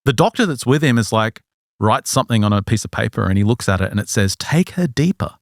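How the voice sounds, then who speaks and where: A male podcast host telling a story in casual chat, animated and acting out the people he quotes. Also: lowish voice, quick pace, vocal fry, no room sound, studio quality.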